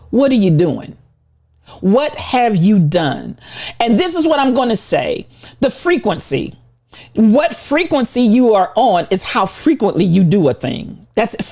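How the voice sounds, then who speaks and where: A woman giving an impassioned motivational talk, preaching with repetition and rising to shouts. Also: mid-range voice. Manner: preaching, repetitive, call-and-response. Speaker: motivational speaker.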